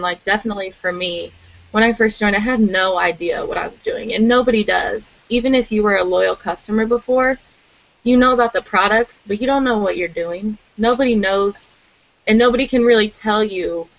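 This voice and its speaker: Chatty young woman on a muffled call. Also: medium pitch. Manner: chatty, filler-heavy, candid. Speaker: team member sharing advice. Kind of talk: casual group call.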